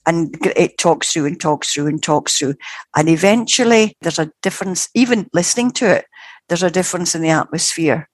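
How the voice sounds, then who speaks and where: A woman's voice: on the low side, normal speed, husky, no room sound. A woman, older, earnestly retelling a spirit experience in casual talk, acting out what others said. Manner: earnest, animated retelling with acted quotes. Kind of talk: casual spoken storytelling.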